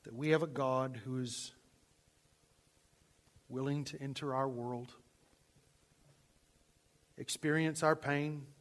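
A male pastor preaching a sermon, swinging from loud emphasis to hushed, near-whispered lines. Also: fairly high pitch.

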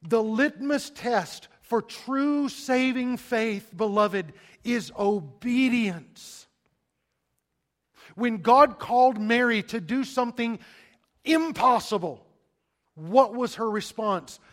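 A high-pitched male pastor delivering a sermon, pressing his congregation with rhetorical questions. He builds to forceful emphasis, then drops to a hushed near-whisper, leaving long dramatic pauses between phrases. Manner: calls listeners "beloved", asks rhetorical questions.

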